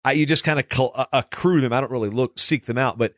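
A man's voice: medium pitch, fast talker, fairly bright tone, no room sound, clean studio sound. A man hosting a conversational interview, telling rambling stories in a chatty way. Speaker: podcast host.

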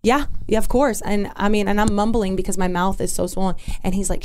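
A woman telling a personal story in an interview, candid and halting, with restarts and asides. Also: mid-range voice, fairly even intonation, a little mellow, a little hiss or hum. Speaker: interview guest.

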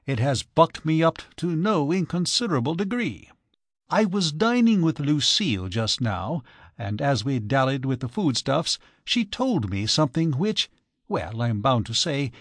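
A chirpy young English gentleman, as a man reads him, rattling along in airy slang. His voice rides high and swoops up and down, close and dry. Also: no room sound. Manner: breezy upper-class slang, fast and bright.

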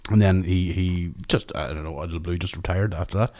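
A man in a casual chat, his voice set a little low. He recalls school days with plenty of laughter and swearing, in a relaxed, easygoing way. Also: fairly quick.

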